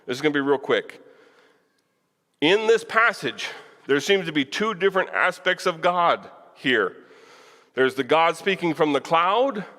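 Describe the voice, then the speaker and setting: Guy teaching bible class, kinda high voice, chatty, asks the room stuff, church echo. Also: pushed and bright. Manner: conversational, asks the room questions, chuckles. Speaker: preacher. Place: church hall. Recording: long church reverb.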